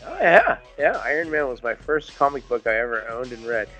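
A man's voice: mid-range voice, sing-song, pushed and bright, soft background music. A man in a casual podcast chat, cursing freely and restarting sentences. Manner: swears freely, halting with restarts. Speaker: podcast co-host.

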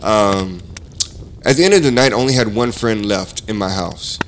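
Low-voiced, laid-back man with faint background hiss. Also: normal speed. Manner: laid-back, rambling, laughs often. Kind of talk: casual chat.

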